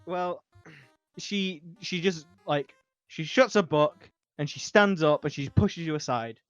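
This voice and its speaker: A man's voice: on the high side, slow, no room sound, soft background music. A man narrating as game master of a tabletop game, hesitant, with lots of fillers. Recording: dull lo-fi sound.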